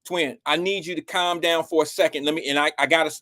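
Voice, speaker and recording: A man's voice: a little high, steady tone, fast talker, pushed and bright. A man hosting a casual talk show, laid-back and soothing with his caller. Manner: laid-back, soothing, keeps saying he hears you. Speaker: host.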